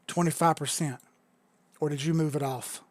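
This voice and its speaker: Excitable profane crypto streamer man. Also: fairly high pitch, normal speed, no room sound. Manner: excitable, profane, chatty banter with viewers. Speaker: crypto livestream host. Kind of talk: casual livestream chart analysis.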